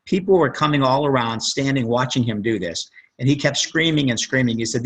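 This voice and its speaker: A man's voice: medium pitch, animated, a little fast, a bit bright, breathy edge, low-quality recording. A man, a plastic surgeon guest on a conference call, telling rambling stories and acting out what people said. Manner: rambling storyteller, acts out quotes.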